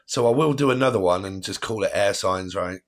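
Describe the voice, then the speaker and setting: A man who hosts a tarot livestream and chats casually with viewers, rambling and laughing often. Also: lowish voice. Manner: rambling, chatty, quick to laugh. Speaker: tarot reader hosting a livestream.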